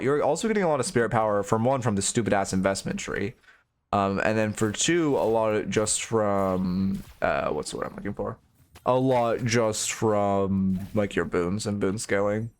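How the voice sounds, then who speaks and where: A man's voice: fairly low pitch, animated, moderate pace. A young man streaming and coaching a game, rambling through frank, profane critique in casual commentary.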